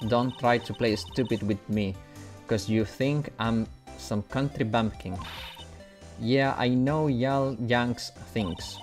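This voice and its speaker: A man voicing a brash young Southern woman photographer, reading the game lines slowly in a put-on drawl. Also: medium pitch, darkish tone, faint music behind, natural voice. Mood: indignant. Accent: American Southern drawl, put on. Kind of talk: reading game dialogue aloud.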